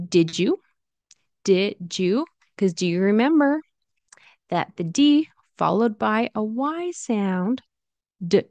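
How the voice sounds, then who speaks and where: A woman teaching English pronunciation in an online lesson, speaking slowly and saying each example phrase over and over. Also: mid-range voice, vocal fry, darkish tone, no echo. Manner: slow, demonstrative, repeats example phrases.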